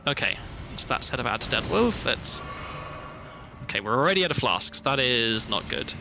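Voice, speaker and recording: A man's voice: medium pitch, sing-song, normal speed, vocal fry. A British man chatting casually while streaming a game, rambling and breaking off mid-sentence, with game music underneath. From Britain. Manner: chatty, rambling, self-interrupting. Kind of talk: casual gameplay commentary. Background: background music.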